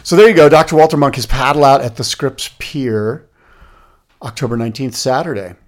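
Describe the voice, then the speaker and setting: Male podcast co-host, mid pitch, animated storyteller who rattles off lists. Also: fairly quick. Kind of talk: casual chat.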